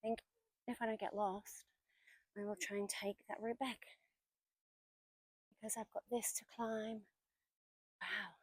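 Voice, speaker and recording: A woman's voice: mid-range voice, steady tone, unhurried, long pauses, no room sound, rough recording. Chatty woman in her forties, dry sound. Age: 40s. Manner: chatty and storytelling, now and then dropping to a whisper. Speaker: vlogger. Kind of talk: casual walking vlog narration. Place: outdoors in woodland.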